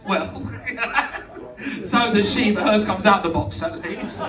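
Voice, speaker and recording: A man compères a stand-up night at a small comedy club, teasing the crowd with cheeky banter and bringing on the next act. His high voice moves slowly and is picked up from far off. The club room is echoey, with a loud audience laughing in the background.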